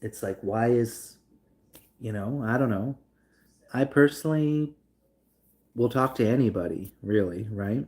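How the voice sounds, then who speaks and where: A man's voice: mid-range voice, a little slow, pauses often, darkish tone. A young man talking loosely to his live stream audience, rambling with lots of fillers and reading chat aloud. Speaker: livestream host.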